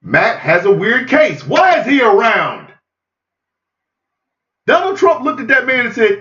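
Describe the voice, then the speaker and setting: A man delivering a loud, incredulous comedic rant, repeating himself and shouting his disbelief. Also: extremely high pitch, very animated, measured pace, pauses often, echoey room, highs cut off. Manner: loud, incredulous, repetitive ranting. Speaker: comedy podcast host. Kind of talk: ranting comedic monologue.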